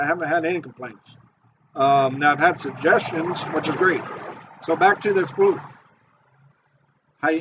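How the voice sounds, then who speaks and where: An excitable man walks through his fishing tips in a casual how-to video, repeating himself as he gets going. His voice sits slightly high for a man. The audio is dull and muffled. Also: slight background noise. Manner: excitable, repetitive, eager. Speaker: fishing bait maker and charter guide.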